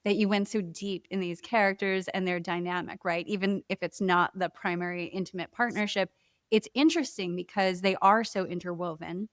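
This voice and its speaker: A woman hosting a podcast interview about books, enthusiastic and quick to laugh as she asks her guest questions. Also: fairly low pitch, dry recording, clean studio sound. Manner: warm, enthusiastic, laughs easily. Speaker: podcast host. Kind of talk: conversational interview.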